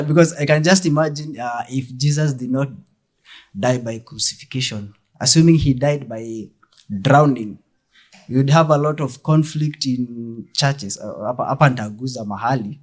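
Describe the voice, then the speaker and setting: A young Kenyan man with a Kenyan accent performing a deadpan stand-up comedy set, mixing English and Swahili. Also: medium pitch, moderate pace.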